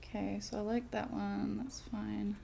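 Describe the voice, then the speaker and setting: A woman's voice: medium pitch, little pitch movement, measured pace, gravelly, mellow, slight background noise. A woman streaming while she crafts at home, chatting casually and rambling, with many fillers and restarts.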